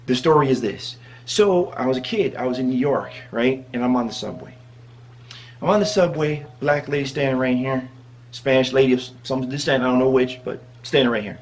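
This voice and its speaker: A man from the US Midwest, a vlogger, telling a funny story in a casual, animated way and laughing along. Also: mid-range voice, slight background noise.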